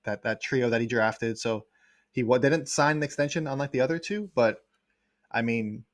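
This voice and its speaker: A man, a guest sports writer, talking in a casual livestream chat, quick and rambling with many fillers. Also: medium pitch, no room sound, clean studio sound.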